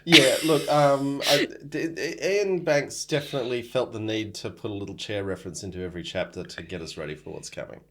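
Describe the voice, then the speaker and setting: A man's voice: mid-range voice, a little fast, few pauses, bright, forceful tone, slight background noise. An Australian man co-hosting a casual book podcast. He talks thoughtfully, with hesitations and frequent ums. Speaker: podcast co-host. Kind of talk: casual book-club chat.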